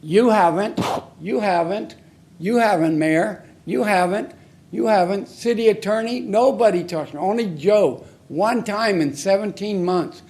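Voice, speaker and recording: Angry guy at the city council podium mic, high voice, blunt and repeating himself. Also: a little slow, a little mellow. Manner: angry, accusing, confrontational. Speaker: member of the public giving comment. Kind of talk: public comment at a council meeting.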